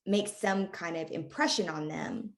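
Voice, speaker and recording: A woman's voice: fairly low pitch, steady tone, a little slow. A woman hosting a podcast interview, chatting casually and affirming her guest often. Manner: warmly affirming, frequent yeahs and rights. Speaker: podcast host.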